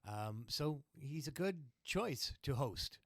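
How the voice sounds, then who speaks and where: A man's voice: medium pitch, expressive, takes it slowly, a bit bright, no room sound, studio quality. A man co-hosting a podcast in casual chat, recapping old wrestling shows and acting out quotes in a raised voice. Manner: chatty, acts out quotes in raised voice. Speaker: podcast co-host.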